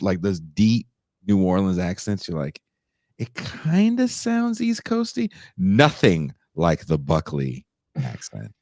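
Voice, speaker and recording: Lively low-voiced man, dry sound. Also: no room sound. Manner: animated, jumps into mocking voices. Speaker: podcast host. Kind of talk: casual chat.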